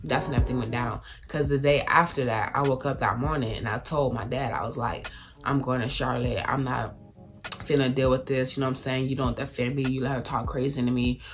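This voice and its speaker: Low-voiced young woman, drawl. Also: fairly even intonation, fairly quick. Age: young adult. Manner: candid, profane, quotes people in raised voices. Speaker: storyteller. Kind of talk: casual storytelling. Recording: music playing loudly behind.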